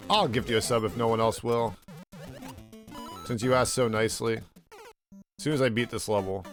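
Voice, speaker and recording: A man's voice: mid-range voice, moderate pace, pauses often, soft background music. A young man streaming a game and chatting casually, rambling through a story full of "like" and swearing freely. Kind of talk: casual chat while gaming.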